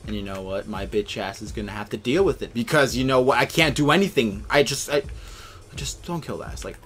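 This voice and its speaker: A young man ranting and swearing over a video game, swinging between yelling and low muttering. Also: fast talker. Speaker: gaming YouTuber. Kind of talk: angry gameplay commentary.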